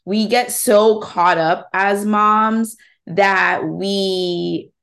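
A woman's voice: mid-range voice, fairly even intonation, very slow, a bit bright. Rambling, laughing woman podcast host. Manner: rambling, laughs often, restarts questions. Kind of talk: casual podcast conversation.

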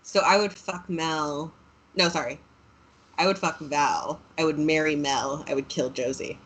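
A woman's voice: deep voice, a little slow, fairly bright tone, breathy edge, low-quality recording. A woman in her thirties co-hosting a podcast, laid-back and joking dryly in casual chat. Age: 30s. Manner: laid-back, dry jokes, laughs often. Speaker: podcast co-host.

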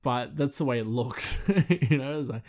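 A man chatting casually and rambling as a podcast host, full of fillers and quick laughs. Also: mid-range voice. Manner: loose and chatty, full of "you know" and "like", laughs often.

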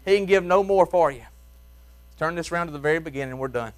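A man with a Mississippi accent preaching a sermon in folksy Southern speech, shouting some phrases and dropping to a hush on others. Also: a little high, quick pace, clear, resonant tone. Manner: swings from shouting to hushed, soft tones; folksy Southern grammar, chuckles while preaching. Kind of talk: revival sermon. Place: church.

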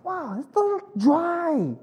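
A pastor acting out an awestruck Israelite father crossing the sea, exclaiming in a high, breathless voice. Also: very animated, drawn-out words, darkish tone, full character voice. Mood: amazed.

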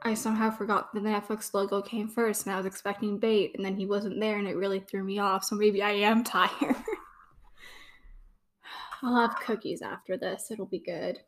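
A woman's voice: medium pitch, level tone, moderate pace. A young woman hosting a casual fan watch-along podcast, chatty and gushing, with lots of fillers. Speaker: podcast host giving watch-along commentary.

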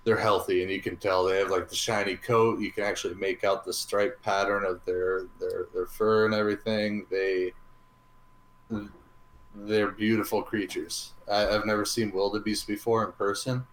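Laid-back man with a low voice in an echoey room. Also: flat delivery, normal speed, slight background noise. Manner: rambling, easygoing, many ums. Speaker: podcast co-host. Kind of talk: casual chat reviewing a restaurant. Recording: roomy echo.

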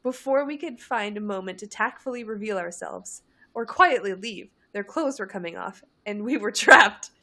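A woman's voice: mid-range voice, animated, moderate pace, bright, forceful tone. A woman reading the lines of a frank, exasperated teenage witch recounting embarrassing events in a fan story.

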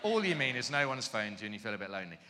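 A man preaching in an animated, self-mocking storytelling way, heard in a reverberant hall. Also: medium pitch, rapid-fire. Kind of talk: storytelling sermon.

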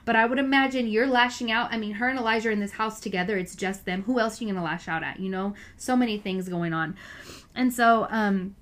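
A woman's voice: mid-range voice, brisk, fairly bright tone. A woman giving a casual, earnest Bible reflection, chatty and full of filler words. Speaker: Bible study speaker.

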